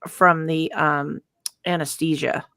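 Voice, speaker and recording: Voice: mid-range voice, flat delivery, takes it slowly, creaky, pushed and bright, clean tone, no echo, studio quality. A speaker in casual chat, recounting what they told doctors. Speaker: group chat participant.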